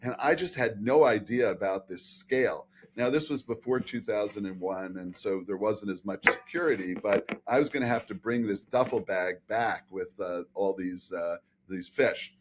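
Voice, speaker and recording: An older man recounts an anecdote in a lively, laughing way, pausing on fillers as he goes. His voice sits a bit low. A faint hiss of noise runs under the recording. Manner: animated, laughing storyteller with many fillers. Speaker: scientist guest. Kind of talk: anecdotal storytelling.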